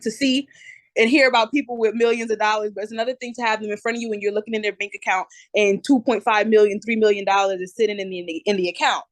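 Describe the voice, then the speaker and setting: A woman in her twenties with a New Jersey accent, chatting as a podcast guest and telling her story in a lively way. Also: mid-range voice, fast, no room sound. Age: 20s. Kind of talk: casual interview.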